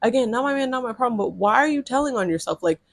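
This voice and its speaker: A woman's voice: fairly high pitch, lively intonation, fast, creaky, no echo. Young woman spilling dating tea, sassy and blunt, lots of slang, dry close sound. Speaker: storytime vlogger. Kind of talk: casual storytelling to camera.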